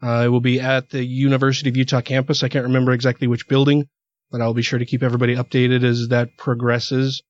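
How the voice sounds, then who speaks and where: A man's voice: mid-range voice, monotone, fast talker, no echo, dull audio. A man hosting a casual podcast chat, sounding stuffy from a cold, joking and swearing freely in a small studio room. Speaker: podcast host.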